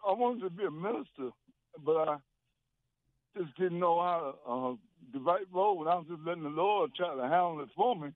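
A man in his sixties from Virginia, calling in to a radio show, speaking haltingly and with emotion, with many fillers. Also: fairly high pitch, lively intonation, dry recording. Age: 60s. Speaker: caller. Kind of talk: call-in phone conversation. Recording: tinny phone line.

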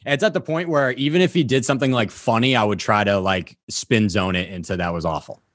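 Man, podcast co-host, blunt casual talk with swearing, low voice, dry recording. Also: brisk, fairly bright tone, no room sound. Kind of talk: casual sports chat.

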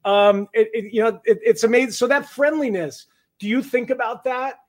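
A man's voice: very high-pitched, moderate pace. A man hosting an interview, chatty and filler-heavy as he asks questions. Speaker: interview host. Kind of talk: conversational interview.

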